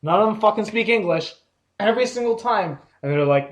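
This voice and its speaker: A man's voice: on the high side, expressive, a little fast. A young man hosting a casual podcast, swearing often and laughing as he tells work stories. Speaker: podcast host. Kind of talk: casual drunken banter. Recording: echoey room, audio-only podcast.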